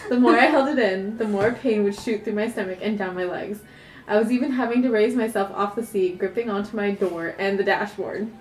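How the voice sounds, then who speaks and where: A woman telling a comic story about her own life, animated and often laughing as she goes. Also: mid-range voice, brisk, reverberant, slight background noise.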